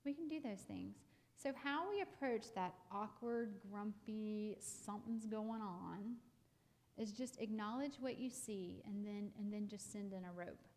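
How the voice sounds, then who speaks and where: A woman's voice: mid-range voice, unhurried, a little mellow. A woman, counseling parents in a casual live talk, chatty with many fillers and restarts. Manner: acts out parents and kids in quoted lines.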